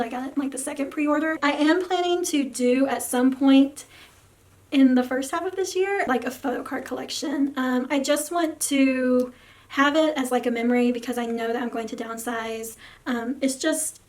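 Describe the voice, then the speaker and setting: Young woman vlogging w a sore scratchy throat, high voice, rambly with lots of ums, trails off quiet. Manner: rambling, many fillers and soft trailing words. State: sore throat, losing her voice. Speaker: photocard collecting vlogger. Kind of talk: casual rambling vlog talk.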